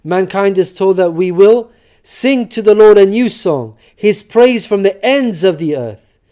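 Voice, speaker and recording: High, mellow male narrator. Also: lively intonation. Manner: measured, earnest explanatory reading. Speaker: religious narrator. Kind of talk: scripted narration.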